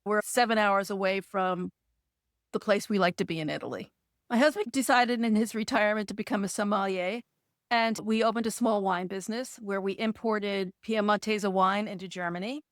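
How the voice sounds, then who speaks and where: Appearing as a guest on a podcast interview, a woman tells an animated story, acting out the dialogue and laughing now and then. Her voice is medium-pitched at a moderate pace, recorded in studio quality without echo.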